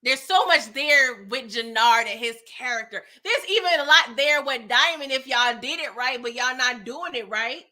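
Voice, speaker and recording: A young woman hosting a casual TV recap, talking straight to her viewers in a frustrated, animated way and reading out chat comments. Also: high-pitched, moderate pace, few pauses. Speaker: TV recap host.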